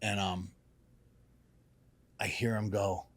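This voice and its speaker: Brief: deeper-voiced man, salon owner guest, lively swearing storyteller. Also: measured pace, long pauses. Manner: animated, acts out quotes in raised excited voices; casual, swears freely. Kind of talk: casual storytelling.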